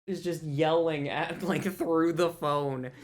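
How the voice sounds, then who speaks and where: A man's voice: fairly high pitch, expressive, unhurried. A man co-hosting a podcast in casual chat, rambling and profane, often breaking into laughter. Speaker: podcast co-host.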